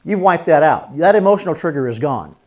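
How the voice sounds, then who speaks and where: A man's voice: a little high, expressive, fairly quick, a little mellow. A man teaching a marriage seminar as a pastor, earnest, repeating phrases for emphasis and acting out spoken apologies.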